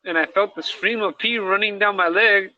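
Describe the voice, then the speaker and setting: A podcast co-host who is also an incarcerated dog trainer speaks in a high voice at a moderate pace. He rambles in slang on a candid, casual talk show, checking in with "right?", and the recording sounds dull and lo-fi.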